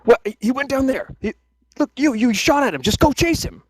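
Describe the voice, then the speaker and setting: A man voicing squabbling male city guards in a shrill, exasperated way. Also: animated, fairly quick, no room sound.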